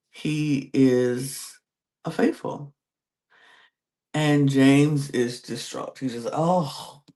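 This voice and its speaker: A man with a gravelly, fry-tinged voice chats through a reality-show recap at an unhurried pace. He keeps slipping into quick impressions of the contestants' reactions as he tells the story. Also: mid-range voice, darkish tone. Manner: retells scenes by acting out contestants' quoted reactions. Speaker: podcast host.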